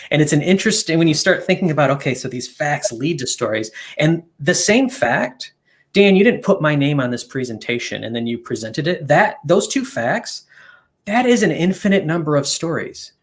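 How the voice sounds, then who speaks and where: A man's voice: fairly high pitch, very animated, normal speed. A man guesting on a live stream, earnestly explaining ideas and listing them in long runs. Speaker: guest, company co-founder.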